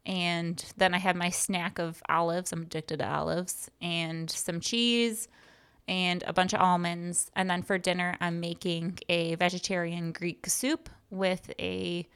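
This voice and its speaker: A woman's voice: on the low side, steady tone, unhurried, fairly bright tone, clean tone. A young woman co-hosting a podcast in casual chat, teasing and laughing often. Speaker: podcast co-host.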